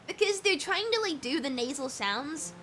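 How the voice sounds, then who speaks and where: A young woman with a British accent chats loosely while streaming a game, pausing on lots of "um"s and "like"s. Her voice sits a little high. Faint game music runs behind her. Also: animated, a bit bright, low-quality recording. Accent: British English. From Britain. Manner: rambling, many fillers. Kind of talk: casual game-stream chat.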